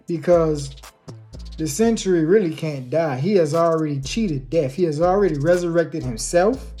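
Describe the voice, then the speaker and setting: A man's voice: fairly high pitch, darkish tone. A man giving a casual, opinionated movie review in a slangy, conversational way, full of rhetorical asides.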